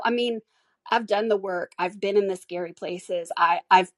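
A woman's voice: mid-range voice, no echo. A woman hosting a solo podcast, speaking candidly and emotionally with frequent restarts. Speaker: podcast host.

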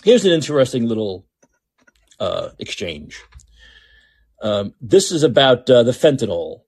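A man's voice: medium pitch, very animated, measured pace, a little mellow, slightly rough, dry recording. A man hosting a podcast with opinionated political commentary, talking in a sarcastic, mocking, repetitive way. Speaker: podcast host.

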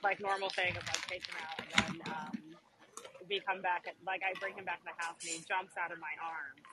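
Animated woman telling a story. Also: on the low side, a little fast, background noise. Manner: animated storyteller, acts out quoted voices. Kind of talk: casual podcast chat.

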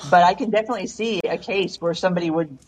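A woman's voice: lowish voice, very fast, slightly rough, poor audio. A woman co-hosting a podcast, chatting casually and filling her talk with "like". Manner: chatty, heavy use of like. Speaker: podcast co-host. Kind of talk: casual call-in podcast chat.

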